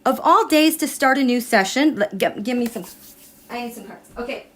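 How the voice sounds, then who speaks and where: A middle-aged woman hosting a tarot and astrology livestream in casual live chat, emotional and halting, with frequent restarts. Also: a little high, animated.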